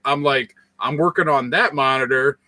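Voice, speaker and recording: Bright-voiced man, blunt and profane. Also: mid-range voice, normal speed, dry recording. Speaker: podcast co-host. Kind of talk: casual podcast chat.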